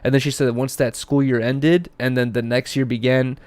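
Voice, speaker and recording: A man's voice: mid-range voice, little pitch movement, brisk, a little mellow, no echo. A young man hosting a casual podcast, telling rambling stories with lots of fillers and swearing. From Russia. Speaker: podcast host.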